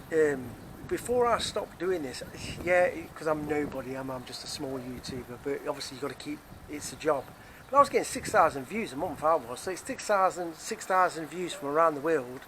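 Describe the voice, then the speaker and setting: A man's voice: fairly high pitch, a bit bright, slight background noise. A man with a Nottingham accent, talking casually and rambling to camera as a vlogger, repeating himself as he goes. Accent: Nottingham English. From England. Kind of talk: casual rambling vlog monologue. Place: outdoors near a car park.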